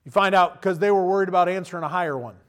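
Preacher, male, high voice, animated delivery that swells to loud emphatic bursts. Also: racing. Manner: direct questions to the listener. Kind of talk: sermon.

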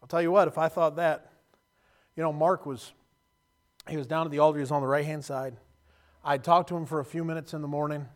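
A man preaching a sermon, telling stories with emotion and moving from loud passages to quiet, hushed ones. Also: fairly high pitch, steady tone, fairly quick, pauses often.

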